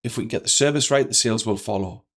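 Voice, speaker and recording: Energetic man telling a story. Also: fairly low pitch, quick pace. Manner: energetic, acts out quoted dialogue. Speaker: guest speaker. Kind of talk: animated storytelling in a podcast interview.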